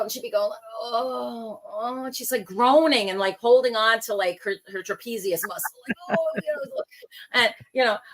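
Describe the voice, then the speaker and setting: A middle-aged woman from New York talking casually, telling animated stories and acting out the voices of people she quotes. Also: medium pitch. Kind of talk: casual conversation.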